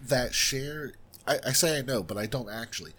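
A man with a husky, slightly rough voice talks through a film in a relaxed podcast chat. He is blunt and opinionated. His lines land with plain frankness. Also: medium pitch, moderate pace. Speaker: podcast co-host reviewing films. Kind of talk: casual chat.

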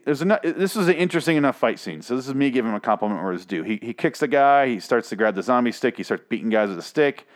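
A man talks close to the mic, recapping an episode on his own podcast. His voice sits in an ordinary middle pitch. He rambles and swears constantly, with sarcastic jabs throughout. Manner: rambling, sarcastic, swears a lot, jumps into exaggerated outbursts. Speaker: podcast host reviewing a TV show. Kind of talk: casual profane solo recap.

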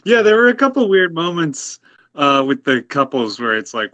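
A man co-hosting a podcast in a relaxed, easygoing way, laughing along with his partner. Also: medium pitch, moderate pace, no echo, dull audio. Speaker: podcast co-host. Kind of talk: casual chat.

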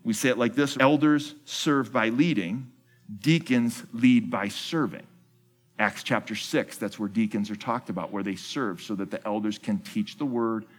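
A man's voice: on the low side, darkish tone. A man giving a sermon as founding pastor of his church, asking the congregation questions, answering them himself, and repeating key phrases.

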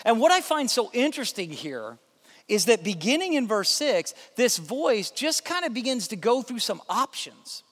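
A man preaching a sermon as pastor, in a conversational, animated way with plenty of fillers. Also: very high voice, normal speed, in a large hall.

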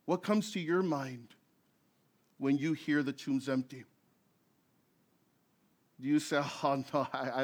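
A male pastor preaching with a storyteller's energy, acting out each scene as he goes. His voice sits a bit higher than most men's. He keeps the telling lively. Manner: storytelling, animated, acts out scenes. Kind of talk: sermon.

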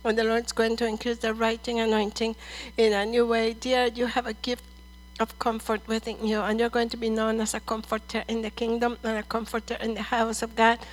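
A middle-aged woman ministering prophetic words over people in church, earnest and measured, calling them dear and brother. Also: fairly high pitch, completely flat delivery, low-quality recording.

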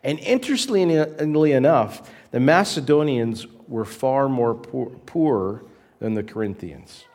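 A man preaching in an earnest, measured way, with a voice of ordinary middle pitch. He pauses between phrases and repeats key words to drive a point home. He sounds like a pastor addressing his congregation. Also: animated, darkish tone. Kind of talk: sermon.

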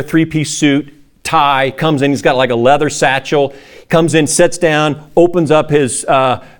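A middle-aged man preaching a sermon, acting out quoted voices in a raised pitch and dropping low for solemn lines. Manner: animated, acts out quotes in a raised voice. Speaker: pastor.

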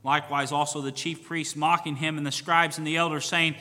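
Male pastor, fervent sermon, bright ringing voice, a bit high, loud then hushed, long church reverb. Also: level tone, fairly quick. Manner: swings from loud fervent preaching to hushed solemn tones. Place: church sanctuary.

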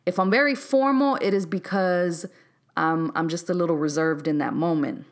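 A woman's voice: on the low side, normal speed. Chatty Texas woman hosting a podcast. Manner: candid, chatty, laughs easily, says "y'all" and "um". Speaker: podcast host. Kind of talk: unscripted solo podcast talk.

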